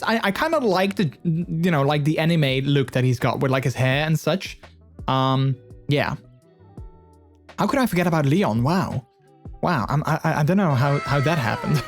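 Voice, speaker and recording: Man, live streamer, casual chatter, giggly, headset mic, slightly high voice, soft background music. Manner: chatty and giggly, many fillers and restarts.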